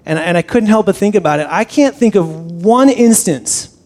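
Guy pastor, kinda high voice, telling a story in his sermon, lots of restarts. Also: moderate pace. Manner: animated storyteller with frequent restarts.

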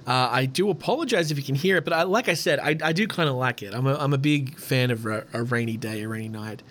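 A man's voice: mid-range voice, fast talker, fairly bright tone. A man hosting a podcast in a loose, rambling way, chatting and swearing freely. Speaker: podcast host. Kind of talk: casual podcast chat.

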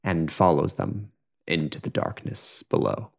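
A man narrating an improvised shared story in a measured, dramatic way, with pauses. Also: low-pitched, big pitch swings, vocal fry.

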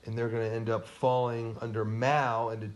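A man's voice: medium pitch, little pitch movement, normal speed. A man co-hosting a casual history podcast, quizzing his co-host in a playful way.

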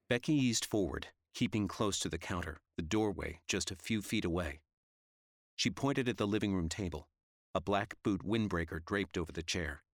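A man narrating an audiobook in a steady, measured reading style. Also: deep voice, no room sound, clean studio sound. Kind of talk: scripted narration.

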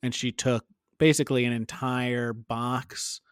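A man co-hosting a podcast in a relaxed, chatty way. He laughs easily and acts out other people's lines while telling a story. His voice sits at an ordinary pitch and is recorded close and dry. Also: measured pace, clean tone, no echo. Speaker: podcast co-host. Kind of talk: casual chat recapping a cooking show.

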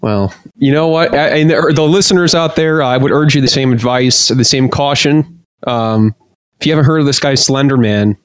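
A man's voice: mid-range voice, moderate pace, smooth, no room sound. A man hosting a casual comedy podcast, joking around and reading out news items with plenty of fillers. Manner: jokey, reads news items aloud with many fillers. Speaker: podcast host.

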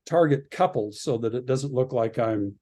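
Guesting on a podcast interview, a Canadian radio producer shares a lively anecdote and performs the voices of its characters. He speaks with medium pitch at a moderate pace.

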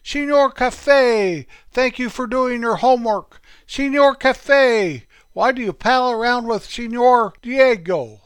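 Man putting on a high, singsong old teacher. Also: measured pace, few pauses, smooth, no echo. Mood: bossy. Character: tall older male Spanish teacher, very nice.

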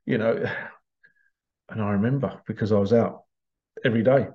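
In a small, stuffy room, a hypnotherapist with a lowish voice shares his views at a moderate pace and with fairly even intonation. His casual monologue rambles and stays emphatic, circling back to repeat his points, and the lo-fi recording sounds slightly dull.

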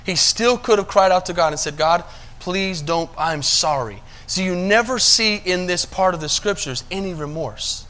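High, bright-voiced preaching man. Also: normal speed, hardly any pauses. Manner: preaching, asks the congregation if they follow; swings between quiet low asides and loud emphatic passages. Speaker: pastor. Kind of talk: sermon.

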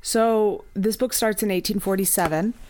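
A woman's voice: medium pitch, normal speed, darkish tone, slight background noise. A woman co-hosting a podcast, chatting about a book with wry, sarcastic quips. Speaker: podcast co-host. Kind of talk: casual book-discussion chat.

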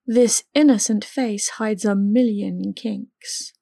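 A woman's voice: mid-range voice, steady tone, slow, creaky, mellow, no echo, clean studio sound. A woman reading a cheeky young woman.

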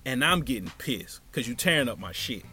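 Animated, profane male storyteller. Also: mid-range voice, brisk, breathy edge. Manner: animated, profane, swings from hushed to loud. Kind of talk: casual storytelling.

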